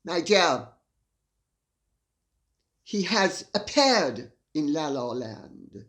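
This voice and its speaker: A woman's voice: deep voice, big pitch swings, drawn-out words, fairly bright tone. A woman hosting a solo commentary monologue, speaking in an arch, wry, theatrical way. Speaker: host.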